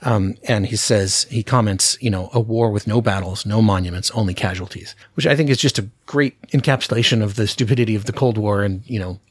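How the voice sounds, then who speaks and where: Casual podcast host, male, slightly husky, dry booth sound, chatty with lots of restarts. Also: on the low side, fairly quick, hardly any pauses, no echo. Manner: chatty, frequent fillers and restarts, laughs often. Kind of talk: casual film discussion.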